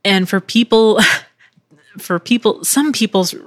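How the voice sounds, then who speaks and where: A woman's voice: mid-range voice, takes it slowly, no echo. A woman voice actor hosting a casual solo podcast from her living room, rambling with many fillers and swearing freely.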